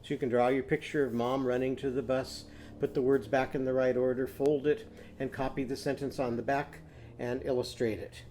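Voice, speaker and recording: A man teaching young children a phonics lesson, patiently prompting them to repeat after him and sounding out words slowly. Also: medium pitch, little pitch movement, a little mellow, a little hiss or hum. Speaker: literacy teacher.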